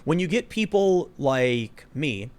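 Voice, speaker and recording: A man's voice: a little high, sing-song, takes it slowly, darkish tone. Emphatic man hosting a political podcast. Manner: emphatic, argumentative. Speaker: podcast host. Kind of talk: casual political chat.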